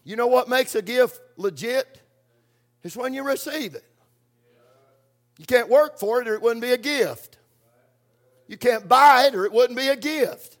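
A man preaching a sermon in a church, stressing points by slow repetition. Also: very high-pitched.

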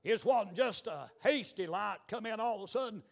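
A man preaching a revival sermon in a church, moving between quiet storytelling and shouted exhortation. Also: high-pitched, lively intonation, normal speed, vocal fry. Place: church building.

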